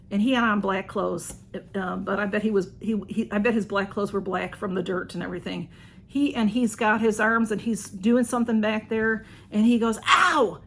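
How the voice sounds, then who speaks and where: A woman telling a story in a casual, excited way, with many restarts and fillers. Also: medium pitch, a little hiss or hum. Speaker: channel host.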